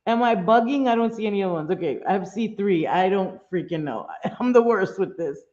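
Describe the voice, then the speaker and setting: A woman hosts a casual live stream, chatting with viewers in an easy, mid-pitched voice. She laughs often, swears offhandedly and drops in the odd Spanish phrase. The stream audio sounds a little dull and lo-fi. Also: lively intonation, brisk, darkish tone.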